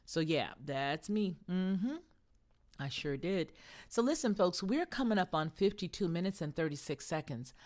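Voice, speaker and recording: Woman host, middle-aged, low voice, casual emphatic live-stream talk with viewers. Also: lively intonation, moderate pace, a little mellow. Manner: conversational, emphatic, answers viewer comments.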